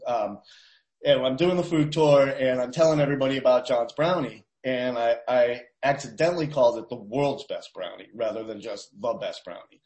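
A man's voice: medium pitch, normal speed, reverberant. A man hosting a casual podcast chat, telling stories about local food. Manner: storytelling, animated. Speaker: podcast host and food tour guide.

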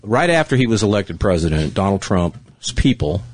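A man's voice: lowish voice, big pitch swings, normal speed, dry recording. A man hosting a casual political talk show, cynical and blunt, swearing freely. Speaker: show host.

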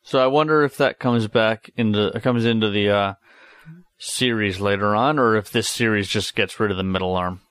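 Halting male podcast co-host. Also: lowish voice, a bit bright, clean tone, no room sound. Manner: halting, filler-heavy. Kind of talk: casual review chat.

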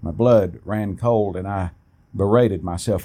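A man reading a first-person story aloud in a plain, steady way, with an occasional restart. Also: low voice, unhurried.

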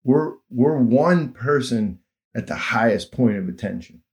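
A man's voice: medium pitch, animated, unhurried. A man hosting a casual conversation, telling long anecdotes in an easygoing, sometimes emotional way. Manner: storytelling, drifting into soft emotional asides.

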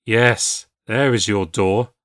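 A man voicing an agitated middle-aged lawyer who speaks loudly and shouts in alarm, in a spoken ghost story. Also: fairly low pitch, takes it slowly, dry recording, clean studio sound. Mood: tense.

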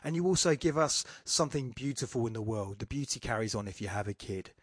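A man's voice: medium pitch, animated, fast talker, husky, dry recording, studio quality. A man hosting a podcast, giving a loose, rambling talk on poetry with frequent fillers and restarts. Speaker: podcast host. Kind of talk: casual poetry lecture.

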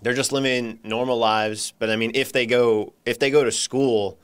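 A man's voice: mid-range voice, steady tone, moderate pace, clear, resonant tone. A man on a talk show panel who speaks in casual, rambling, hesitant chat full of fillers. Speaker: social media staffer and panelist.

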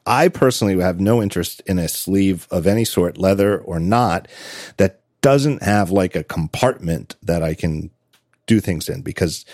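A middle-aged man talking in a casual podcast chat, animated and laughing often, with halting restarts. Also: sits low, no echo, studio quality. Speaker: podcast guest.

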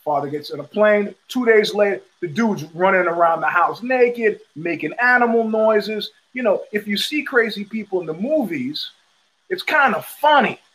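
A man's voice: high voice, animated, normal speed, fairly bright tone, low-quality recording. A middle-aged man hosting a show, telling a long profane story and acting out the people in it. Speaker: host. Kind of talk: storytelling monologue.

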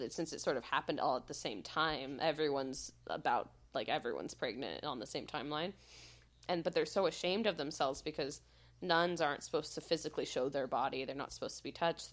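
A woman co-hosting a podcast, telling stories in casual chat with a lot of "like" and loud bursts of laughter. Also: deep voice. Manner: animated storyteller, heavy use of "like", bursts of loud laughter. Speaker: podcast co-host. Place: podcast studio.

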